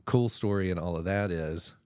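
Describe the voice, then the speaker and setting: A man's voice: low-pitched, normal speed, warm tone, clear, resonant tone, no room sound, clean studio sound. A man who preaches at church, co-hosting a faith podcast in casual, earnest, reflective chat.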